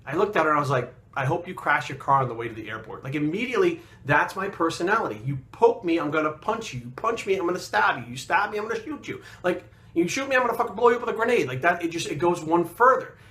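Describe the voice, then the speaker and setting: A man's voice: high-pitched, lively intonation, fast talker, few pauses, pushed and bright. A man telling a story in casual talk, blunt and profane, getting heated as he goes. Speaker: fitness coach and bodybuilder.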